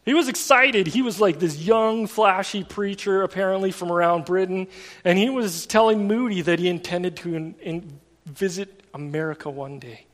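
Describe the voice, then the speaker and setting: A man's voice: high-pitched, moderate pace, a bit bright. A man preaching a sermon in a casual, storytelling way, full of everyday fillers. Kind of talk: conversational sermon. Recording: long reverb of a large hall.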